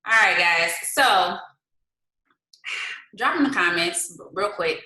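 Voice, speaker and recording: A woman's voice: on the low side, animated, takes it slowly, sharp tone. A woman hosting a motivational livestream, reading viewers' comments aloud, cheering them on and leading a prayer. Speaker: livestream host. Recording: roomy echo.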